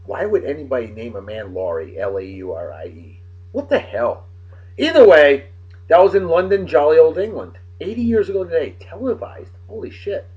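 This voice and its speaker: A man's voice: on the high side, big pitch swings, moderate pace, a little mellow. A man with a Massachusetts accent hosting a casual beer video, reading this-day-in-history facts with profane, wisecracking asides. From Martha's Vineyard, Massachusetts. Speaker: host of a daily beer video. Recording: dull lo-fi recording.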